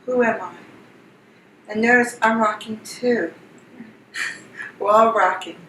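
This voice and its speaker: A woman's voice: on the high side, slow, fairly bright tone, slight background noise. Woman guiding a group, distant and roomy. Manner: repetitive, soothing coaching prompts. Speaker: workshop facilitator. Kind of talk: guided group exercise. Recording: roomy, distant mic with faint ambience.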